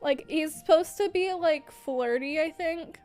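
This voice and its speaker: A young woman with a high, bright-sounding voice talks slowly and gushingly on a livestream, breaking into giggles mid-sentence. Faint music plays softly behind her. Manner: gushing, filler-heavy. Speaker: streamer. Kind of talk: casual livestream chat.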